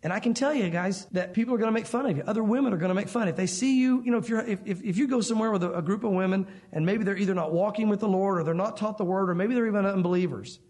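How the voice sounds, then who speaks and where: A man's voice: high voice, rapid-fire, few pauses, a little mellow. A male pastor preaching a sermon, speaking emphatically and asking the congregation rhetorical questions.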